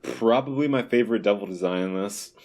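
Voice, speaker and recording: A young man co-hosts a casual podcast chat in a somewhat low voice. He talks in an animated way and keeps dropping into loud joking voices. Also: fairly quick. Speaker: podcast co-host.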